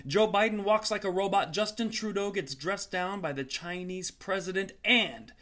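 A comedian hosting his own show, delivering an energetic intro and promo with a hyped, salesy manner and sarcastic asides. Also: high voice, normal speed.

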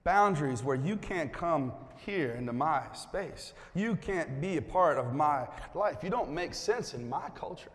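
A man with a fairly high, expressive voice preaches a little slowly with hardly any pauses, the sanctuary's long hall reverb trailing his words. As pastor, he coaxes his congregation to join in playfully, then shifts to a quiet, earnest tone.

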